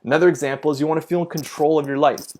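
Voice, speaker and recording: A man's voice: a little high, fairly even intonation, very fast, darkish tone, slight background noise. A man teaching a spiritual lesson to camera in an unscripted style. He repeats key points, often checks in with "okay?", and corrects himself mid-sentence.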